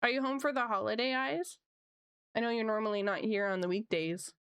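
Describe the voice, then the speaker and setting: At her home streaming setup, a woman art streamer chats casually with live chat viewers, upbeat and quick to laugh, her pitch jumping high when she gets excited. Her smooth, clear voice is captured dry with no echo on a close desk mic, with a slight cough from a coming sore throat.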